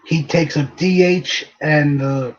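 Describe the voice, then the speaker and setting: A man talking sports on a live stream in an excitable casual way, with some swearing. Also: fairly high pitch, slow pace, muffled recording.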